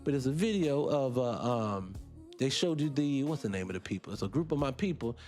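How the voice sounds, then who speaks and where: A man's voice: medium pitch, lively intonation, fairly quick, darkish tone, soft background music. A man hosting a morning reaction show, talking conversationally with sarcastic asides and speaking directly to his viewers. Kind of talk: reaction commentary.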